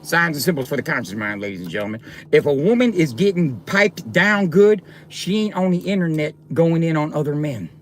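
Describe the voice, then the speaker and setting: A man's voice: fairly high pitch, expressive, fairly quick, a little hiss or hum. A man ranting on a livestream, taunting and confronting his viewers directly in a coarse, profane way.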